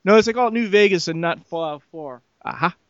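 Joking podcast host, dry lo-fi sound. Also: male voice, high voice, clear, resonant tone, no echo. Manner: joking, quick to laugh, teasing. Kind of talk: casual gaming podcast chat.

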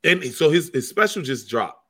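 A man who is a stand-up comic, chatting casually and telling animated stories, swearing freely and acting out what people said. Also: fairly high pitch, moderate pace, husky. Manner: animated storyteller, swears freely, acts out quotes. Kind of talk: casual podcast chat.

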